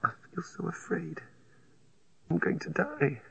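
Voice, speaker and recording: A man voicing a gravely ill, frightened young woman who speaks in a weak, hoarse whisper and struggles for breath. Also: lowish voice, sing-song, measured pace, a bit bright, voice pushed up, full character voice. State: feverish and short of breath. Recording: dull, muffled recording.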